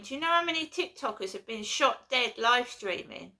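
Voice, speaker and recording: A woman's voice: on the high side, expressive, normal speed, few pauses, bright, forceful tone. A woman, ranting and swearing in a home vlog, repeating herself as she gets worked up. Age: 50s. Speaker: vlogger. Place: at home indoors.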